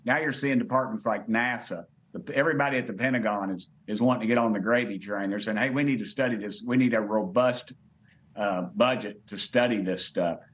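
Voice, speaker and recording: A man's voice: on the low side, a little fast, a bit bright, highs cut off. A middle-aged man with a Southern US accent, a congressman talking bluntly and colloquially in a remote interview. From United States.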